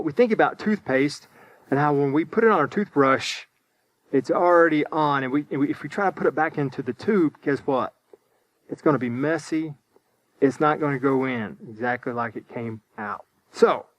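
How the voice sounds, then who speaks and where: A man's voice: on the high side, dry recording. Upbeat man teaching a kids' lesson. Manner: upbeat, speaks slowly and simply to kids, repeats words. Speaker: children's ministry teacher. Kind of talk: children's church lesson.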